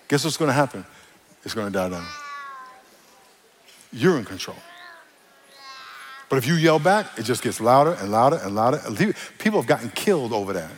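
A pastor preaches a sermon in a playful, joking way, addressing the congregation directly and acting out quoted voices. His voice is medium in pitch, with a big-room sound.

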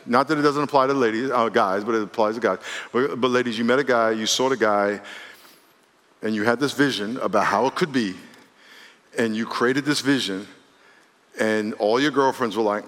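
A man, a pastor, preaching a sermon in an animated way, acting out quotes and laughing between points. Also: mid-range voice, moderate pace, big-room sound. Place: church sanctuary.

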